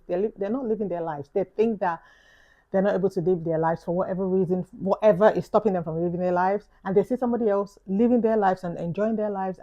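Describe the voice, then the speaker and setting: A woman's voice: on the low side, lo-fi sound. A woman with a London accent giving an earnest, reflective vlog monologue, repeating key phrases for emphasis. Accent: London English. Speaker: YouTuber.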